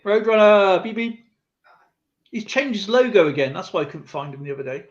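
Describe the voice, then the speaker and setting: Guy rambling thru a story on a live stream, kinda higher voice, dull lo-fi sound. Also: big pitch swings, fast talker. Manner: chatty storyteller, lots of fillers and asides. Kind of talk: casual chat, rambling anecdote. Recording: slightly muffled lo-fi stream audio.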